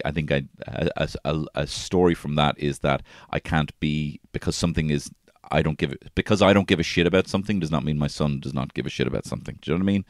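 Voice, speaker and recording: Very deep-voiced man, rambling. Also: no echo, studio quality. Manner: rambling and profane, with frequent restarts. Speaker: podcast host. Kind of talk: casual solo podcast storytelling.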